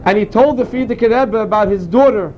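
Very high-voiced man teaching. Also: brisk, a little mellow, lo-fi sound, slight background noise. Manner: earnest, explanatory storytelling. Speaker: Torah teacher. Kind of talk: informal Torah class.

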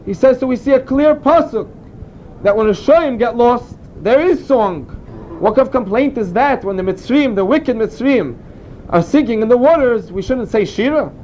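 A man's voice: very high-pitched, expressive, normal speed, darkish tone, dull audio, a little hiss or hum. A man giving an informal Torah class, explaining and telling stories in an earnest way. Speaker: Torah teacher.

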